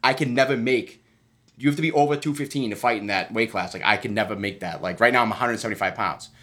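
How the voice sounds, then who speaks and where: A man's voice: on the low side, quick pace, sharp tone. A man telling a story in casual chat, rambling and swearing, acting out what other people said. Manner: rambling, profane, acts out other people's lines. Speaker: fighter telling a fight story.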